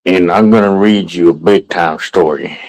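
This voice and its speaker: A man doing an impression of a famous older narrator, telling a bedtime story in a slow, solemn storyteller delivery. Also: low-pitched, a little mellow, lightly acted, rough recording.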